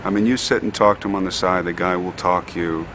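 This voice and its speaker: A man speaking outdoors in a behind-the-scenes interview, lively and amused, with traffic behind him. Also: low voice, fairly quick.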